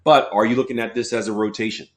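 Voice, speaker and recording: A man with a lowish voice teaching chart trading live from his desk. He talks in a relaxed, chatty way, asking viewers to chime in as he goes. It sounds like a desk mic in a home office. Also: quick pace. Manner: casual, chatty, addresses viewers directly. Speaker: trading coach.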